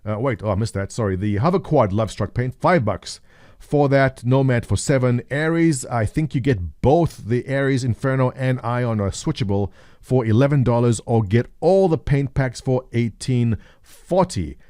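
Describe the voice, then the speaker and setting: A man hosts a casual gaming video, chatting and joking his way through news and a promo clip with plenty of "uh" fillers. His medium-pitched, darkish voice has lively intonation and a moderate pace, in a dry, studio-quality recording.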